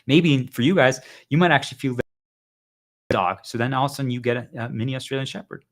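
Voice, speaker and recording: Fast-talking, urgent male streamer. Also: medium pitch. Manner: urgent, insistent, repeats phrases for emphasis. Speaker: livestreamer. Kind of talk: motivational monologue to viewers.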